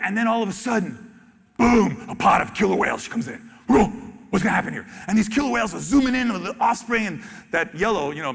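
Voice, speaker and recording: A man, a wildlife photographer, telling stories animatedly on stage and acting out reactions with sudden loud exclamations. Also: high-pitched, vocal fry, breathy edge. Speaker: wildlife photographer giving a talk. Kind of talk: animated storytelling presentation. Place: large expo hall stage. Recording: reverberant hall.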